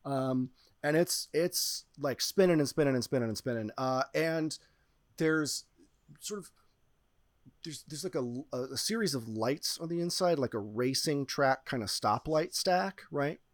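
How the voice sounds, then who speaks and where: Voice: medium pitch, lively intonation, a little slow, no room sound, studio quality. Chatty gm narrating a tabletop game, lots of uh and like, bouncy up-and-down voice. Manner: rambling, many fillers, playful. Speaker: game master.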